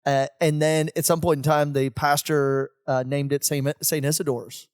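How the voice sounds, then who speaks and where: A priest talks in a lively, rambling way, laughing often and restarting his sentences. His voice sits a little high for a man. The recording is dry and close, with no room sound. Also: normal speed, clear, resonant tone, dry recording. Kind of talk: casual podcast chat.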